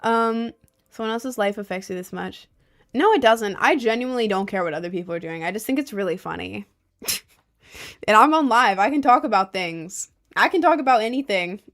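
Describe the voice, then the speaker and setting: A woman's voice: medium pitch, brisk. Chatty young woman livestreaming. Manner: rambling, animated, frequent "like" and laughs. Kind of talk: casual livestream chat reading viewers' messages.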